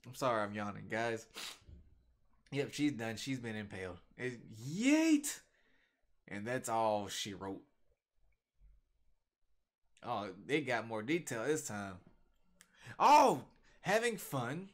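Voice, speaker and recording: Slangy animated young man reacting. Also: on the low side, unhurried, pauses often. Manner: animated, slangy, reads comic lines aloud. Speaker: webcomic reaction YouTuber. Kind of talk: casual reaction commentary. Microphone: desktop USB microphone.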